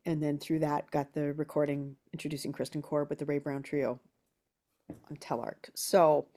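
A woman musician being interviewed, telling lively anecdotes and acting out quotes. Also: low-pitched, normal speed. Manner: animated storyteller who acts out quotes. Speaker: guest musician.

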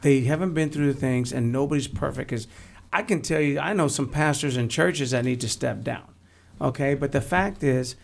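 A man's voice: mid-range voice, moderate pace, gravelly, slight background noise. A man from Texas, a guest telling blunt, joking stories in a casual interview. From San Antonio, Texas.

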